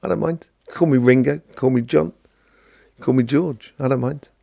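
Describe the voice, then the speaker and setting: Man, gravelly voice, mellow tone, chatty and rambling, live stream host. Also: medium pitch, normal speed, no room sound, clean studio sound. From London, England. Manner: rambling, chatty, greets viewers by name, many fillers. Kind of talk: casual spiritual talk answering viewers.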